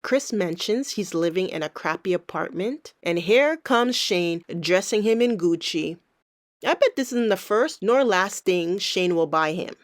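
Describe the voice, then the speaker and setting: Slow, snarky woman commentator. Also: lowish voice, expressive, dry recording, clean studio sound. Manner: snarky, teasing. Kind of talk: sarcastic reaction commentary.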